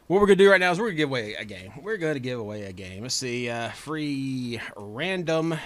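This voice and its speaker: A man streaming a game, trash-talking and swinging from low mutters to sudden yells. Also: big pitch swings, brisk. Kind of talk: casual profane gaming commentary.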